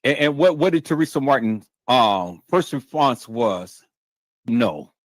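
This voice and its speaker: Animated man ranting on a livestream. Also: medium pitch, moderate pace, no room sound. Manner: repetitive, stammering restarts, emphatic and profane. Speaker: livestream host. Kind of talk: heated livestream commentary.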